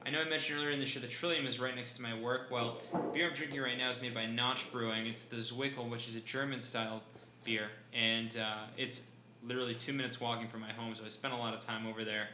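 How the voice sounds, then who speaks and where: Man in an echoey room, bright voice. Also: mid-range voice, flat delivery, fast. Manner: laughs often, talks up picks. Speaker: podcast guest, fantasy sports analyst. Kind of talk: casual chat. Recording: roomy echo, faint background noise.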